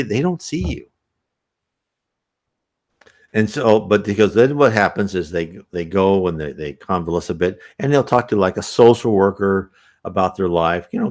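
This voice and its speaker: A man reading an old text aloud and adding rambling, casual commentary. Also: low-pitched. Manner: rambling, animated, many restarts. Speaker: reader and commentator.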